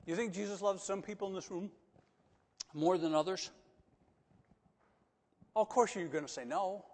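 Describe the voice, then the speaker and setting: A pastor with a high-pitched voice delivers a sermon to his congregation in a church sanctuary at normal speed. He alternates loud, emphatic declarations with quiet, coaxing asides, and the hall's long reverb trails each phrase.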